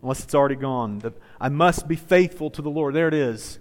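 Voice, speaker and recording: A man's voice: fairly high pitch, animated, fast, hardly any pauses, a little mellow, long reverb tail. A man preaching a sermon as pastor, repeating phrases and leading his congregation in call-and-response. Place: church sanctuary.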